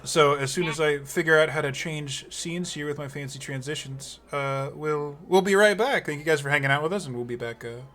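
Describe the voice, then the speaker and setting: A man's voice: fairly high pitch, fairly quick, few pauses, fairly bright tone. A man narrating a tabletop game as game master, rambling with many fillers and restarts.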